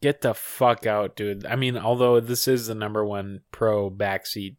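A man's voice: lowish voice, steady tone, a little slow, dry recording, clean studio sound. Rambling, profane man on a podcast. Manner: rambling, profane, many fillers and restarts. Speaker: podcast co-host. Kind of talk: casual podcast chat.

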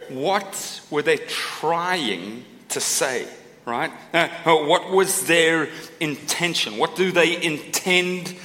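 A man's voice: on the high side, drawn-out words, bright, forceful tone. A middle-aged male pastor giving a sermon in a chatty, joking way, often tagging his points with a questioning "right?". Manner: conversational preaching, tags lines with a questioning "right?"; self-deprecating humour, asides to the congregation. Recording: long hall reverb.

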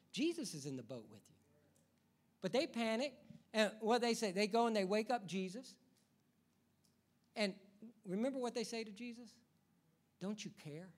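A man preaching a sermon as pastor, swinging between hushed asides and loud, urgent calls, often repeating words and putting questions to the congregation. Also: high-pitched.

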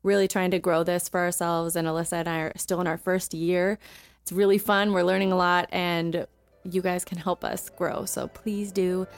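A woman's voice: on the low side, little pitch movement, normal speed, clear, resonant tone, dry recording, soft background music. A young woman co-hosting a podcast in casual chat, talking loosely with many fillers and frequent laughs. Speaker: podcast co-host.

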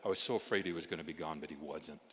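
A middle-aged male pastor telling stories in a sermon, animated, moving from loud exclamations to hushed asides. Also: extremely low pitch, racing. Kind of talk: storytelling sermon. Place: church sanctuary. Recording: reverberant hall sound.

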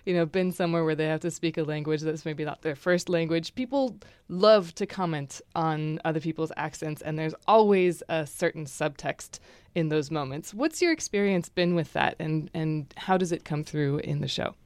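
A low-pitched woman hosts a public radio interview program. She reads the segment links and asks her questions in a measured way. The studio sound is dry and close. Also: a little mellow, smooth, no echo. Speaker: radio host.

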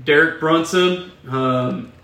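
A man's voice: a little high, takes it slowly, sharp tone. A man co-hosting a casual podcast, explaining things steadily to listeners. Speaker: podcast co-host. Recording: echoey room.

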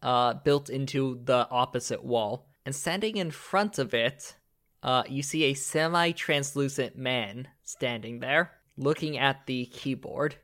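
A man's voice: mid-range voice, unhurried, a bit bright. A man running a tabletop game as game master, narrating loosely with many fillers and self-corrections.

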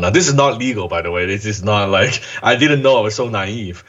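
A man, a guest in an interview, tells a story from his past in a casual, animated way, acting out the voices he quotes and swearing now and then. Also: fairly low pitch, fairly quick, highs cut off. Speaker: guest entrepreneur.

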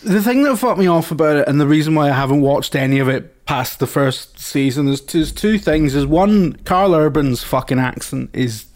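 Man, podcast co-host, sweary, ranting, fairly high pitch, casual banter. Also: moderate pace, few pauses, darkish tone.

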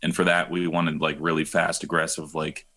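A man's voice: a bass voice, level tone, moderate pace, pushed and bright. A man in a band chatting casually on a podcast about writing the lyrics, laid-back and swearing freely.

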